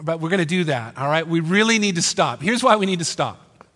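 Man, pastor, sermon, animated rhetorical questions, high voice, hall reverb. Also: brisk.

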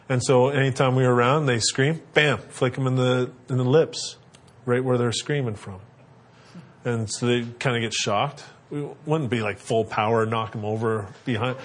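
A middle-aged man giving earnest, conversational parenting advice with frequent fillers. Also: mid-range voice. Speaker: parenting speaker. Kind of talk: instructional talk.

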